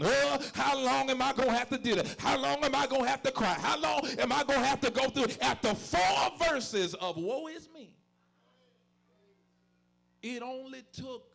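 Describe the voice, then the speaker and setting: A male pastor delivering a sermon, moving from hushed talk to shouted, sing-song preaching. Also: very high voice, gravelly, rough recording. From Florida.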